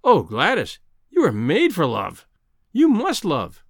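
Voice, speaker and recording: A man's voice: on the high side, huge pitch swings, slow pace, exaggerated voice. A man reading a novel aloud, voicing an earnest, impulsive young man pleading his love.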